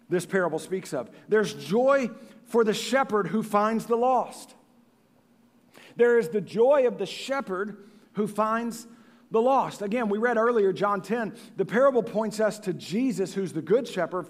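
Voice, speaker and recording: High-voiced pastor in a reverberant hall. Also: male voice. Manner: passionate, swings from hushed to booming. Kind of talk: sermon. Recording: long reverb of a large hall.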